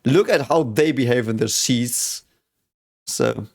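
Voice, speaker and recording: A man hosting a reaction video, talking casually and excitedly, swearing often and thinking aloud. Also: mid-range voice, takes it slowly, creaky, background noise.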